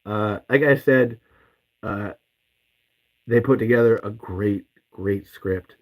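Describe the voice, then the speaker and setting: A man's voice: fairly low pitch, takes it slowly, rough recording. A man hosting a podcast, ranting in anger with heavy swearing and repeated curses. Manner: profane, heated, repeats curses. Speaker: podcast host. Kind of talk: angry ranting podcast monologue.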